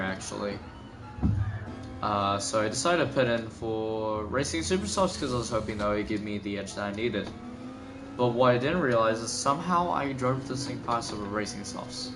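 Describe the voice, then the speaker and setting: A young man talking casually over a replay of his own race, rambling and correcting himself, sleepy and yawning. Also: lowish voice. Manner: rambling, filler-heavy, self-correcting. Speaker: gaming video commentator. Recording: gameplay music behind.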